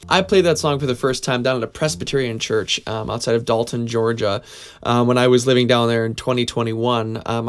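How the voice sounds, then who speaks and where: A singer-songwriter man in a home studio tells a casual story to camera. He rambles along with plenty of ums and uhs at a middling pitch, chuckling here and there. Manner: rambling, filler-heavy, chuckling.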